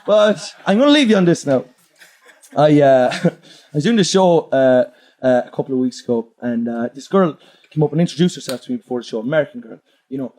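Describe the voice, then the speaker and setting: A young man doing crude stand-up on stage, laughing as he swings between high yelps and low mutters. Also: brisk. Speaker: stand-up comedian. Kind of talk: live stand-up set. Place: comedy club stage. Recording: live club with loud crowd laughter.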